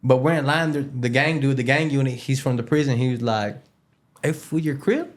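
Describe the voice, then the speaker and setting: A man's voice: mid-range voice, fairly even intonation, a little fast. Man telling a slangy, rambling prison story. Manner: loose street slang with Spanish words mixed in; rambling, with many fillers and repeated words. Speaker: interview guest. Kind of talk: casual storytelling.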